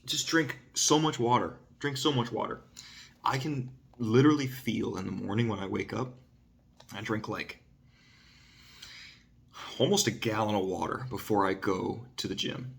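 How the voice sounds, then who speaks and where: A man's voice: moderate pace, gravelly, long pauses. A man hosting his own vlog, talking casually about self-improvement and often asking "right?" and saying "dude". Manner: gets louder and higher when making a point. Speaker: vlog host. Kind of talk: casual self-help monologue.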